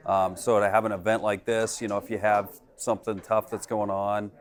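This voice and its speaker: A man's voice: lowish voice, little pitch movement, brisk. A man giving casual interview remarks, hesitant and full of fillers. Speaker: event attendee.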